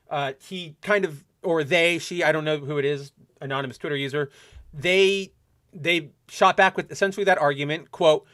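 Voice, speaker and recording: A young man with a fairly high voice rants through a casual solo podcast from his home setup, animated and opinionated. The sound is dry and close, with almost no room echo. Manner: animated ranting, mocking quoted voices. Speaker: podcast host.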